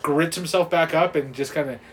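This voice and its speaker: A man co-hosting a podcast, chatting casually and excitedly about a movie, swearing often and acting out the scenes. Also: a little high, fairly quick, slight background noise. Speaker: podcast co-host.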